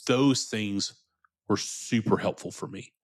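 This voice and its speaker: A man's voice: lowish voice, slow. A man in his thirties speaking earnestly as a podcast guest, often repeating his first words as he starts a sentence. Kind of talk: candid conversational interview.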